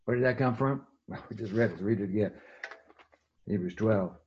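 A male pastor giving a conversational sermon, swinging between emphatic and hushed delivery. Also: fairly low pitch, moderate pace, highs cut off, a little hiss or hum.

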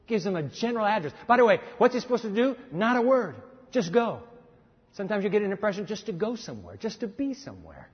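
Husky-voiced man preaching in a hall. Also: high voice, expressive, fairly quick. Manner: emphatic, conversational preaching with restarts. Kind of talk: sermon. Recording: dull sound with long reverb of a hall.

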